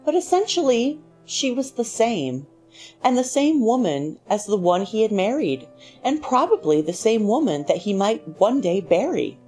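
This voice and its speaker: A woman narrating a short story in a measured, expressive reading voice. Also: fairly high pitch. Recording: faint music underneath.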